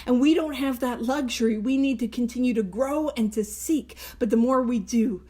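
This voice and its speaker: A woman with a high, bright-sitting voice leads a book study in a relaxed, conversational teaching style. She leans hard on key words with earnest conviction and lets small chuckles slip between her phrases. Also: normal speed. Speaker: host of a recovery book study. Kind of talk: casual spoken teaching.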